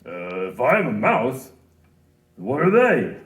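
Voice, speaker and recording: A doubtful, teasing animal from a picture book, as a reader voices it. The pitch leaps around wildly while the delivery stays slow, and the sound is echoey, as if from a bare room. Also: wildly swooping pitch. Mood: scoffing. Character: skeptical animal doubting a mouse.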